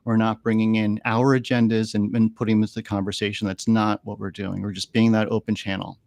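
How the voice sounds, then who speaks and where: A man's voice: fairly low pitch, level tone, quick pace, gravelly, darkish tone, no echo. A man talking earnestly on a podcast, telling stories and often repeating words as he gathers his thoughts. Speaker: animal communicator guest. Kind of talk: storytelling interview talk. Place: podcast studio.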